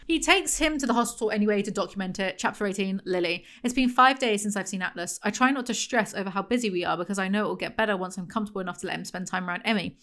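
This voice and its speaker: A woman's voice: mid-range voice, fairly bright tone. A woman giving a sarcastic book review, reading passages aloud and mocking them in a dry tone. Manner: dry, mocking, frequent laughs.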